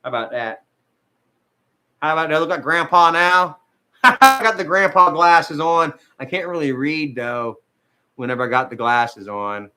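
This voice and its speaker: Male vlogger, high and bright, profane and rambling; casual live-chat delivery. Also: unhurried, pauses often. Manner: rambling, profane, says man and bro a lot.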